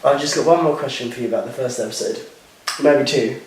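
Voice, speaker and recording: An easygoing young man chats casually, agreeing often, at an ordinary pitch. His voice comes from a distance and the room rings with strong echo. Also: fast, music in the background. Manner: easygoing, agreeable, lots of "yeah" and "you know". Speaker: podcast co-host. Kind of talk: casual chat. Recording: very echoey room, mic far away.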